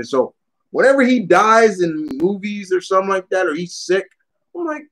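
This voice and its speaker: Ranting young man, slightly higher voice. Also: moderate pace, poor audio. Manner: blunt, animated ranting with frequent swearing. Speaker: streamer answering chat questions. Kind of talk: casual live-stream chat.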